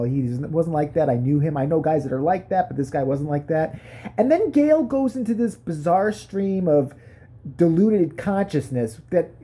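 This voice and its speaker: A woman's voice: low voice, warm tone, breathy edge. A woman delivering a crude, rambling comedy rant, full of profanity and swinging between mutters and outbursts. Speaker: commentary vlogger.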